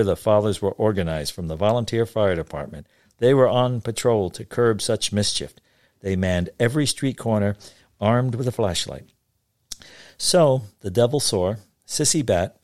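A man telling a wry story from his childhood in an unhurried way. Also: fairly low pitch, a little mellow, no echo, clean studio sound. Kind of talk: told memoir story.

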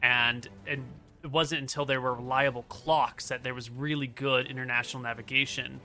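A man's voice: medium pitch, level tone, normal speed, bright, forceful tone, soft background music. A man running a tabletop game as game master, chatting casually in a musing, rambling, easygoing way.

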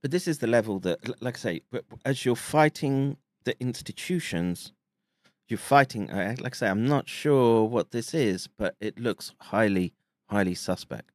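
A man delivering a monologue commentary, halting and restarting with frequent fillers. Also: mid-range voice, expressive, no room sound.

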